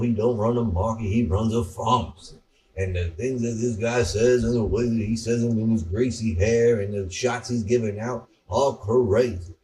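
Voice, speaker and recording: A man's voice: fairly low pitch, mellow, recorded from a distance. A man co-hosting a casual podcast, telling rambling stories with some profanity. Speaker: podcast co-host. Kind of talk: casual chat.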